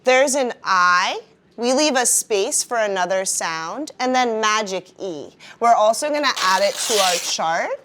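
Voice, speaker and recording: Animated, slow-talking classroom teacher woman. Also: mid-range voice, a little hiss or hum. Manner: animated, drawn-out teacher voice with call-and-response prompts. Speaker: first-grade teacher. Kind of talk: classroom phonics lesson.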